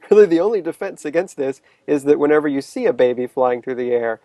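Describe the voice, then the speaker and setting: A man co-hosting, talking in a relaxed, chatty way and laughing easily. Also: a little high, brisk, dry recording. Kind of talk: casual conversation.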